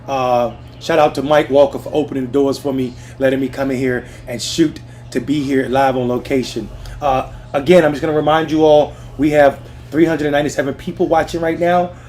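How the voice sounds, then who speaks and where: A medium-pitched, slightly mellow male voice runs a little fast with fairly even intonation and hardly any pauses, over slight background noise. He's a livestream host in a Washington lounge, fired up and swearing through a heated political rant aimed straight at his chat, with music and TVs going behind him.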